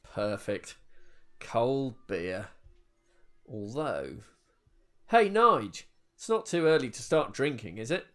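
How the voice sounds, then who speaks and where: A man's voice: mid-range voice, sing-song, takes it slowly, long pauses, a bit bright. A man reading the part of a brash pub drinker who orders rounds and threatens a slap. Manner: brash, bossy. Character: boisterous male pub drinker, quick to threaten.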